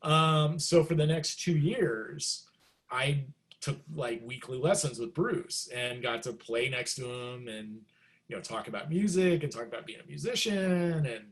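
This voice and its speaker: A middle-aged man, a guest musician, telling stories in a casual interview and acting out quotes with big jumps in pitch. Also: unhurried.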